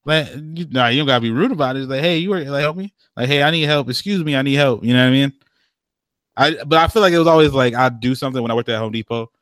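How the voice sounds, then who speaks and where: A man's voice: medium pitch, racing, a bit bright, dry recording, clean studio sound. A young man co-hosting a casual chat, slangy and profane, often laughing and acting out what others say.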